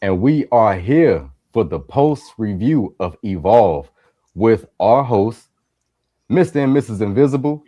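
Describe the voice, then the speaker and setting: A man's voice: fairly low pitch, lively intonation, measured pace, mellow. A man with a Chicago accent introducing guests on a casual podcast, easygoing and playful, often repeating himself. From Chicago, USA. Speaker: co-host.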